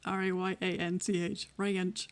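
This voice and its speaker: A woman's voice: mid-range voice, moderate pace, a little mellow. A Welsh woman trading jokes with the other players of a tabletop game on a live stream. She laughs at almost everything, swears with ease and teases back. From Wales. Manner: laughs often, swears freely, teasing. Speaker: tabletop role-play player. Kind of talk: casual banter on a live stream.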